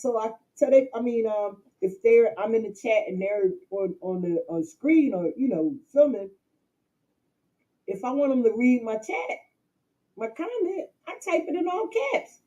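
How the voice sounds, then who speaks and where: A woman's voice: a little high, dark tone, dull audio. A woman hosting a casual livestream from home, talking straight to her chat, laughing often and repeating herself. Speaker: livestream host.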